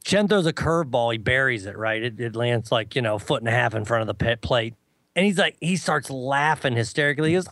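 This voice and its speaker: A man chatting casually as a co-host, telling a lively story and mimicking others in a high voice. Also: fast talker, dry recording. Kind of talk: casual chat.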